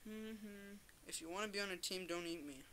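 A man's voice: sits high, normal speed, slight background noise. A man giving casual commentary while he plays a mobile game, talking trash at other players and crying out in repeated bursts when things go wrong. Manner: playful trash talk, excited repeated cries. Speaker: gamer commentator.

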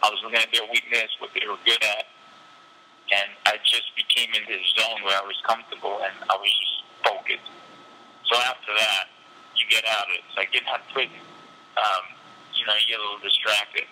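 A man's voice: lowish voice, flat delivery, fairly quick, pushed and bright, a little hiss or hum, poor audio. A professional fighter being interviewed, a man telling his story candidly and casually, with loose fillers and frequent laughs.

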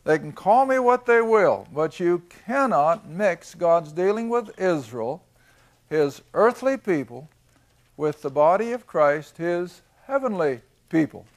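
An older man teaches a Bible class in a fairly high voice. He talks at an unhurried pace and reads each verse slowly. He asks the class questions, answers them himself, and drives each point home with emphasis. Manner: reads scripture slowly, then explains it.

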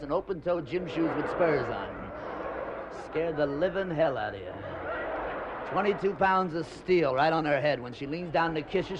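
A man doing a stand-up comedy routine, rambling through bawdy jokes and quick voice changes. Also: sits high. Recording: dull lo-fi old comedy record with faint hiss.

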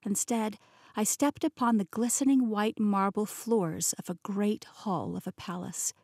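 A woman narrating a fantasy audiobook in the first person with smooth, even pacing. Her voice sits in a middle range, recorded close and dry in a studio with no room sound. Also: mid-range voice, unhurried, no echo. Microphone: close studio mic.

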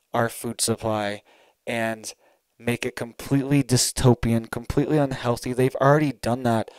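A man delivering an urgent, emphatic monologue straight to his viewers, often pausing to check they're following. His voice is smooth and clear, at an everyday middle pitch. The recording is close and dry, with no room sound. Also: a little mellow, dry recording, rough recording. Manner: urgent, emphatic, keeps asking "all right?". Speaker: online commentator. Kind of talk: solo commentary video.

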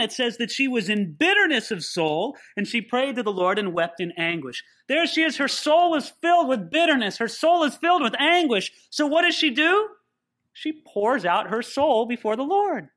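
A man's voice: extremely high pitch, fairly bright tone. A man as a pastor teaching a sermon through a Bible passage, conversational and emphatic, with joking asides.

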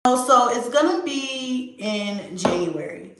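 A young adult woman with a fairly high voice talks casually and animatedly to her viewers, swearing freely and acting out her kids' voices. The sound bounces around an echoey room. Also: animated, slow pace, creaky, noisy background. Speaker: video host.

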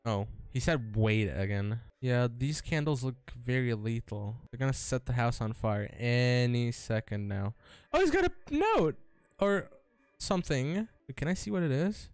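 A man commentating his own gameplay, excitable and nervous, laughing and stammering through restarts. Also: medium pitch, a little slow, clean tone, no echo. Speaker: gaming YouTuber. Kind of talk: let's-play commentary.

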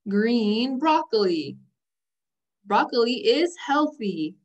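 A woman teaching a vocabulary lesson to young learners. She says each word slowly and clearly, has the class repeat it, and breaks words into their first sounds. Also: a little high, big pitch swings. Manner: stresses sounds one by one.

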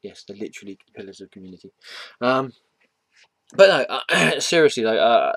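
A man's voice: medium pitch, big pitch swings, moderate pace, vocal fry, a bit bright, no echo. A man chatting casually at home about comics, rambling with many fillers, restarts and self-deprecating asides. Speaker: comic book vlogger. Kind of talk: casual vlog chat. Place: home room.

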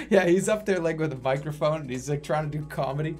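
A man's voice: on the high side, animated, moderate pace, a little mellow, breathy edge. A man in his thirties, a livestreamer rambling through a casual chat and swearing freely. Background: faint music.

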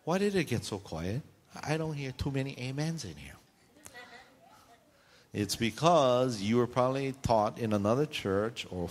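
A man preaching a sermon to a congregation in a church, animated and full of rhetorical questions, sometimes acting out shouting voices. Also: medium pitch. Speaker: pastor. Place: church sanctuary. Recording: long hall reverb in a church.

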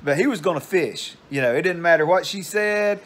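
A man's voice: on the high side, fairly quick. An older man, casually telling a meandering story at home. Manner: meandering, digressive. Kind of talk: casual rambling anecdote.

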